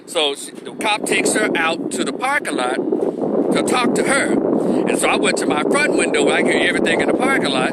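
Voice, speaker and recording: A man's voice: sits high, fairly quick, heavy background noise. A man telling a story in a casual vlog, talking animatedly and swearing freely. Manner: animated, profane, chatty. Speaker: vlogger.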